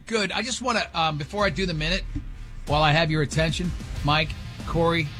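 Bright-voiced man hosting radio. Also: a little high, brisk, soft background music. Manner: rambling, animated storytelling. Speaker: radio show host. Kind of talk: casual radio banter. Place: radio studio.

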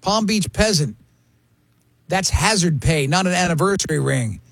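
A man's voice: high-pitched, animated, moderate pace, vocal fry, no echo. A man in his fifties hosting a radio talk show, joking with co-hosts and reading listener comments aloud with frequent laughter. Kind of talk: casual studio banter.

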